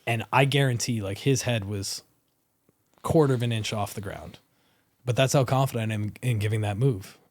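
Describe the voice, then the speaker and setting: A man's voice: fairly low pitch, normal speed, dry recording. A man in his thirties, a wrestler as guest, telling stories in a casual studio interview and laughing often as he talks. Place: podcast studio.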